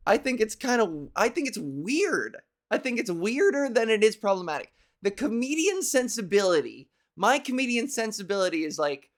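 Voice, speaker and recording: A woman in her thirties hosting a comedy show, rambling through a loose, profane monologue, laughing at her own jokes and putting on quick silly voices. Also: mid-range voice, big pitch swings. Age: 30s. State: hungover. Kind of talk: loose stand-up style monologue.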